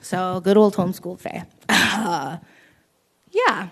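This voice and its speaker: A woman's voice: on the low side, lively intonation, takes it slowly. A young woman from Canada doing a stand-up set at a small open mic, telling rambling, self-deprecating stories with frequent giggles.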